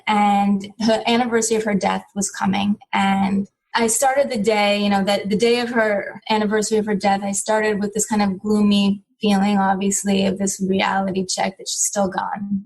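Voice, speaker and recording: A woman in her thirties, appearing as a podcast guest, tells a heartfelt personal story in a reflective tone, filling gaps with "you know." Her voice is mid-range, and the audio is poor.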